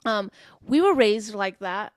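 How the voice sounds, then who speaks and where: A woman's voice: medium pitch, lively intonation, measured pace, no echo. A woman co-hosting a podcast, telling a story in a casual, frank way, with lots of fillers and swearing. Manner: frank and profane, with many fillers. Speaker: podcast co-host.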